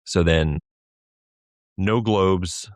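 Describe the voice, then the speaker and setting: Low-voiced guy cohosting a podcast, chatty, laughs a lot, dry sound. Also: drawn-out words, dry recording. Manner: chatty, laughs often, animated storytelling. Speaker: podcast co-host. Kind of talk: casual chat.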